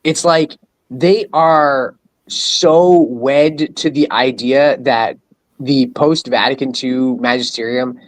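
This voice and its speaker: A man's voice: mid-range voice, poor audio. A man co-hosting a casual podcast, rambling with many fillers and frequent laughs. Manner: rambling, lots of "like" and "you know", laughs often. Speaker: podcast co-host, doctor.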